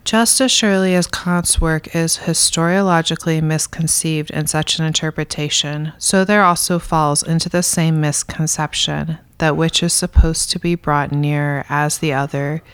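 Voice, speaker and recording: A woman reading a dense philosophy text aloud in a measured, deliberate way. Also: low voice, fairly even intonation, smooth, no echo. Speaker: reader in a philosophy reading discussion.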